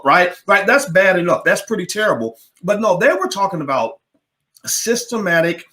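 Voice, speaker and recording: A man's voice: high-pitched, very animated, brisk, sharp tone. A man hosting a political commentary monologue, emphatic and repeating words as he presses his points. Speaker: commentary channel host.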